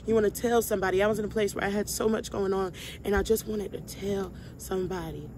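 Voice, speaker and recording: Speaking quickly in a steady, dark, mid-range voice, a young woman vlogger leads a Bible study. She preaches casually, calls her viewers y'all, and repeats lines with heartfelt emphasis. Slight background noise is present.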